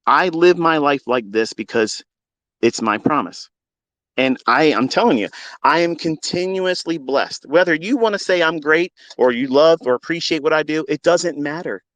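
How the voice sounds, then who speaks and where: On a live audio stream, a trading mentor rants passionately and preachily into a phone, cursing without restraint and speaking bluntly. His voice is medium in pitch with a fairly bright tone, and there's no room sound.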